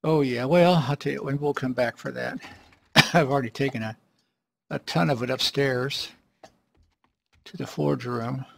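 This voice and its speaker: A man giving casual, rambling commentary while playing a survival game, often clearing his throat. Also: medium pitch, steady tone, a little slow, long pauses. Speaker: let's play gamer.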